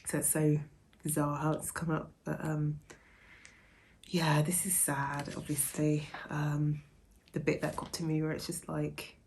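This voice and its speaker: Low gravelly-voiced young woman book vlogger. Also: completely flat delivery, a little slow, slight background noise. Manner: soft-spoken, musing, often hushed. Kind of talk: casual reading vlog.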